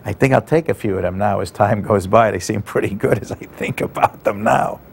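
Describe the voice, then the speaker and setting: Low-voiced, gravelly male actor, loose and rambling. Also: brisk, slight background noise. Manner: rambling, chuckling. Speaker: actor recalling a TV series. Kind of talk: anecdotal reminiscence.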